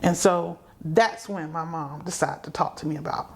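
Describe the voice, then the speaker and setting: A woman's voice: low-pitched, moderate pace, gravelly, a crowd in the background. A middle-aged woman from South Carolina, a guest telling her story in a conversational way, acting out the voices she remembers. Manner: vivid, acts out remembered voices.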